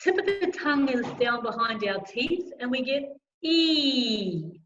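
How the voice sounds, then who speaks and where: High-voiced woman coaching a choir. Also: expressive, normal speed. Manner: encouraging, demonstrates sounds loudly. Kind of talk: online vocal warm-up lesson. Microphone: video call. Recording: roomy, slightly dull video call audio.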